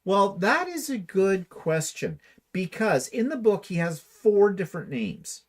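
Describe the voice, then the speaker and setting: A man's voice: high-pitched, very animated, a little slow. A man co-hosting a casual livestream, reading viewer comments aloud and answering them with dry, wry humor. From Canada. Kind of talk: casual chat.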